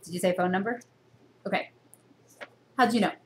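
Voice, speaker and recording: A woman teaching a university reading course in a recorded lecture to a camera, asking her students many questions and jumping up in pitch to stress her points. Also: moderate pace, a little hiss or hum. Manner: teacherly, full of rhetorical questions; expressive jumps in pitch for emphasis.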